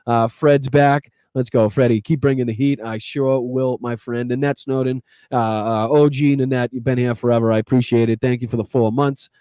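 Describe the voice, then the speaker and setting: A man with a Boston accent, hosting a live-streamed political podcast and casually thanking viewers one by one, often swearing and filling pauses with "uh.". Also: medium pitch, steady tone, mellow, clean tone, no echo. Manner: casual, profane, grateful, many fillers. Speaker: podcast host. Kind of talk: live stream chat shout-outs.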